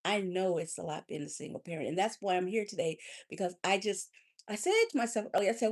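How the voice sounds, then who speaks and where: A woman life coach hosting a live talk, preacherly and warm, calling listeners honey and baby, swinging between loud and soft. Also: mid-range voice, fast.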